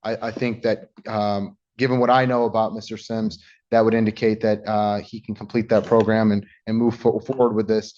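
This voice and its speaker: A man's voice: fairly low pitch, level tone, normal speed, few pauses, darkish tone. A man arguing formally as a defense attorney in court, with stumbling restarts along the way. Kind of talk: courtroom argument. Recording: dull lo-fi courtroom audio.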